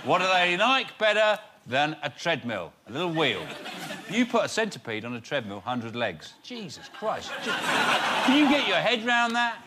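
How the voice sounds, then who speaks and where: Brit bloke on a panel show rambling absurd jokes, deadpan but bouncy, noisy recording. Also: male voice, high voice, normal speed, crowd noise. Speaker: comedy panel show guest. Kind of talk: absurd comic riffing.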